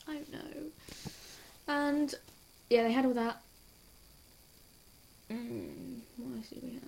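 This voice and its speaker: A young woman chatting casually and excitedly about a TV episode, giggly and hyper, gushing and rambling from scene to scene. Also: fairly high pitch, vocal fry. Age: young adult. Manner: hyper, giggly and quick to gush. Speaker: TV reaction vlogger. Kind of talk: casual rambling reaction chat.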